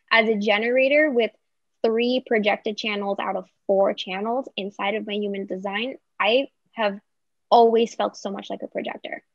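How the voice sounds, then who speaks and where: Woman, mid pitch, podcast guest, animated, slightly dull dry recording. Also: dry recording. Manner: animated, acting out example voices. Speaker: guest coach. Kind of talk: podcast interview. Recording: slightly muffled, dry sound.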